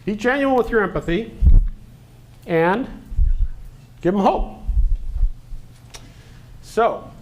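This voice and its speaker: A male physician leads a training session for fellow clinicians, cracking jokes and stumbling over fillers. His voice sits fairly high for a man, with a faint hiss of background noise. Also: lively intonation, muffled recording. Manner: joking, halting with fillers. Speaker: physician presenter. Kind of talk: medical education talk.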